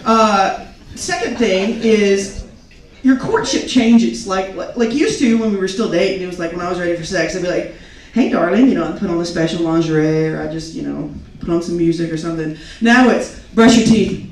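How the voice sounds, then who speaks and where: A woman's voice: fairly low pitch, fairly quick. A young woman performing a stand-up comedy set, telling self-mocking stories and acting out quotes. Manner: animated, self-mocking storytelling with acted quotes. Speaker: stand-up comic. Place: comedy club stage. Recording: echoey club recording from a distance, crowd noise. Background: audience laughing.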